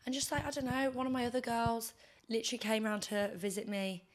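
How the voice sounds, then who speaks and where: A woman's voice: a little high, little pitch movement, a little fast, a little hiss or hum. A young woman hosting a podcast, hungover and tired, chatting casually in a rambling, gushing way full of fillers. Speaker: podcast host. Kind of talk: casual chat.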